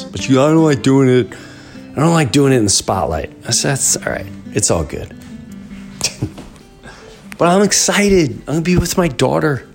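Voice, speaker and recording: A middle-aged man hosting his podcast, telling family stories in a rambling, animated comedic monologue. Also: lowish voice. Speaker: podcast host.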